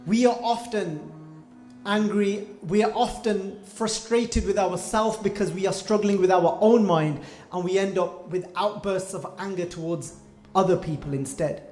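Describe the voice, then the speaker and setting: Male preacher, high voice, echoey room, soft music underneath, animated storyteller. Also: unhurried. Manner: animated storytelling, acting out quoted lines. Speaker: Gurmat class teacher. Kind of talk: storytelling sermon. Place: hall.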